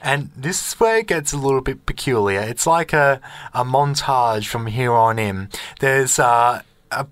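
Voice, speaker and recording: A man's voice: mid-range voice, measured pace, fairly bright tone. A man telling a rambling story on a radio show. He is speaking into a studio microphone, and the sound is dry, with no echo. He acts out the voices of the people in his story and laughs along as he goes. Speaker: radio co-host. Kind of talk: casual on-air storytelling.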